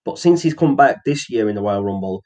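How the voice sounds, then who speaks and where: Man, casual wrestling chat, lowish pitch, halting, lots of fillers. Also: animated, darkish tone. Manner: rambling, frequent ums and restarts. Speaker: podcast co-host.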